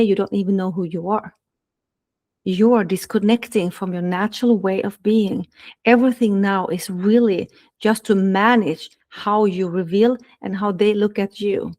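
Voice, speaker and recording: A woman's voice: medium pitch, darkish tone. Woman coach talking straight to you, earnest, repeats herself for emphasis, slightly off grammar. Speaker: dating and relationship coach. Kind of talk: podcast monologue, coaching listeners.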